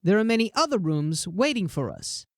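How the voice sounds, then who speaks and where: A teasing little furred creature guide, as a woman reads him aloud, chatty and soft-spoken. His pitch swoops up and down in a lively, sing-song way. The audiobook sound is close and dry. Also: moderate pace, no room sound. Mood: teasing, musing. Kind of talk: audiobook character voice.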